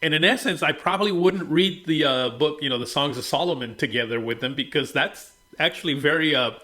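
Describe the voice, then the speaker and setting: An older man co-hosting a faith-based film talk show, speaking in a measured, thoughtful way and sometimes pausing to search for words. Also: fairly high pitch, sharp tone. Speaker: co-host.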